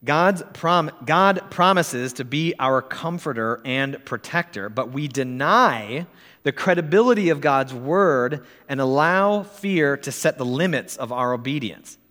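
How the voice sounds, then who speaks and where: A man delivers a sermon at an unhurried, deliberate pace. His tone is earnest and measured. His voice carries a long reverb, as if he is speaking in a large church hall. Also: on the high side, lively intonation, bright, forceful tone. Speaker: preacher. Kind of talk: sermon, reading a quote aloud.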